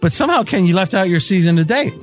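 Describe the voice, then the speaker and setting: A man's voice: high-pitched, animated, quick pace, over music. A man hosting a sports betting roundtable podcast, teasing his guests and laughing often. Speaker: podcast host.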